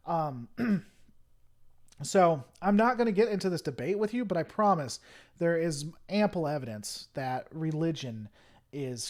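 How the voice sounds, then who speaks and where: Southern US accent, young man, casual stream talk, halting, restarts often. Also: a little high, a little mellow. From Tennessee, US. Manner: rambling, many fillers and restarts, heated then apologetic. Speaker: livestream host. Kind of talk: casual live-stream chat answering viewers.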